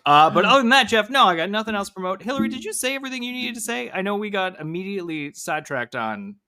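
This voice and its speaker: A man co-hosting a podcast in casual chat, teasing and lively. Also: high voice, fast talker. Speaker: podcast co-host.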